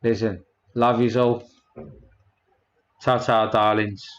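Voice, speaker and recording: A man's voice: fairly low pitch, level tone, takes it slowly, dull audio. A man hosting a casual livestream, rambling and a bit crude as he thanks his chat one by one. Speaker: livestream host.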